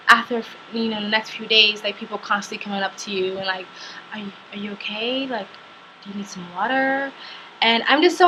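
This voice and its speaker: A young woman vlogger telling a personal story in a halting way, full of fillers and restarts. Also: mid-range voice, bright, forceful tone, slight background noise, rough recording. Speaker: travel vlogger.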